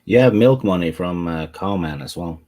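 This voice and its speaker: A man's voice: sits low, expressive, moderate pace, mellow. A man co-hosting a live stream, reading a game announcement and chatting with viewers in a laid-back, dry way. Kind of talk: casual live-stream chat.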